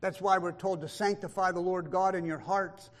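A man preaching a sermon, emphatic, swinging from loud declarations to hushed asides and reading scripture in old-style wording. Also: sits high, steady tone, moderate pace. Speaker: pastor.

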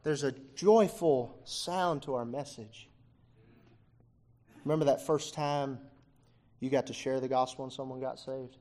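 A man preaching a sermon with fervour, moving between hushed, intimate passages and near-shouts, with many "uh" fillers between phrases. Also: medium pitch, steady tone, a little slow, long pauses. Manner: frequent "uh" fillers.

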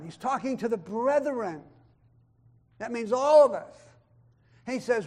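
High-voiced man preaching with emphatic swings. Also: animated, moderate pace. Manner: emphatic, swings between loud and hushed; quotes scripture in old-style wording. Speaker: pastor. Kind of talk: sermon.

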